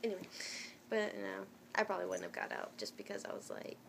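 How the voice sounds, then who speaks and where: A woman's voice: mid-range voice, fast talker, gravelly, whispered. A young woman telling a personal story to her viewers in a casual, chatty way. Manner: chatty and animated, many fillers and restarts.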